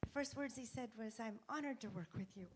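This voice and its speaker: A woman jazz singer speaking a gentle, hesitant tribute at a memorial. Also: a little high, brisk, a little hiss or hum.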